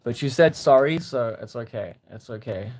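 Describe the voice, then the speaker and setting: A young man hosting a casual livestream, reading viewer comments and gently encouraging them. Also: medium pitch, expressive, normal speed. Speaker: livestream host.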